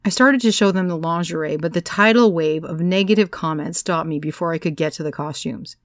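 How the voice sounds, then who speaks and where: A woman narrating a first-person story as an audiobook, in a measured, wry storytelling manner. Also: on the low side, no room sound, studio quality.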